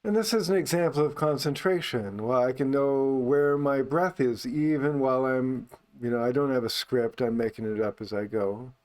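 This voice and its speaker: Calm, unhurried male meditation teacher. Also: medium pitch. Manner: calm and unhurried, speaking only on the out-breath. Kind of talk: unscripted guided meditation talk.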